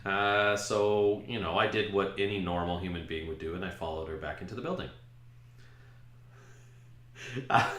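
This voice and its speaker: A man's voice: low-pitched, brisk. A man hosting a podcast, casually telling a self-mocking story about his own past. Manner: self-mocking, animated retelling. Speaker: podcast host. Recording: roomy echo.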